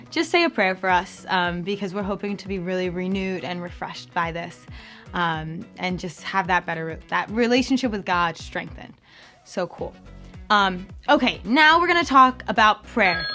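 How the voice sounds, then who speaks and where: A young adult woman hosts a campus ministry podcast in casual, bubbly chat. She talks at an ordinary pitch, filling her lines with ums and likes, and leaps up high whenever she quotes someone. Soft music plays faintly behind her. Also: lively intonation, moderate pace. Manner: chatty and bubbly, lots of fillers, jumps up high for quoted voices.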